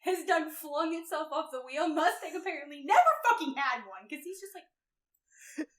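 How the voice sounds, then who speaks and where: A woman recapping a novel in casual podcast chat, animated, swearing and laughing often. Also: high-pitched, normal speed. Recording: roomy echo, distant mic.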